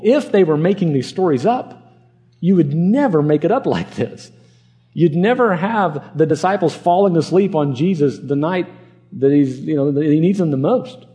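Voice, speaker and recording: A man's voice: a little high, dark tone. A male pastor from Arkansas preaching a conversational sermon and acting out the people in the passage.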